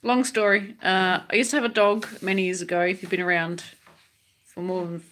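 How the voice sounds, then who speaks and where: A woman's voice: lowish voice, flat delivery, brisk, a bit bright. Easygoing woman answering viewer comments. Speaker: livestream co-host reading viewer comments. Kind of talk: casual livestream chat.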